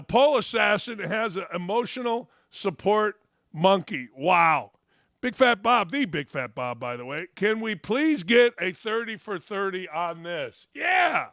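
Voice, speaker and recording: A middle-aged man hosting a sports talk show, delivering a mocking monologue with sudden loud shouted bursts. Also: high-pitched, dry recording, studio quality.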